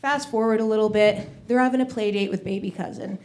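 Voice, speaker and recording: A woman performing a stand-up comedy set on a club stage, telling animated stories about kids. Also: medium pitch, a little fast. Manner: animated storytelling, acts out kids' voices.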